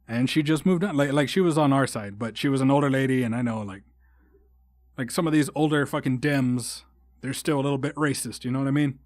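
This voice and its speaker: A man's voice: medium pitch, fairly quick, darkish tone, dry recording. Young man, solo podcast host, swearing constantly, rambling rant, close dry mic. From Texas. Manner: profane, rambling, heated.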